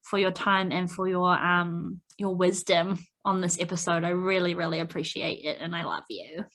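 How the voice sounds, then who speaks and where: A woman hosting a podcast, chatting warmly and effusively with her guest over a video call, often moved and gushing with praise. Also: fairly low pitch, moderate pace. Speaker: podcast host. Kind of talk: casual interview chat.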